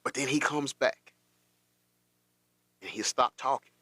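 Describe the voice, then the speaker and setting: A man's voice: mid-range voice, sharp tone, no room sound. Emotional man reacting to clips. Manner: emotional, repeats himself, halting. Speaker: host.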